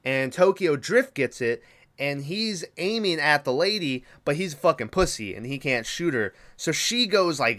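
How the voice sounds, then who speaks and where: A man's voice: mid-range voice, fairly bright tone. A man hosting a podcast, recapping a movie in a casual, rambling, profane way with lots of filler words. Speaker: podcast host.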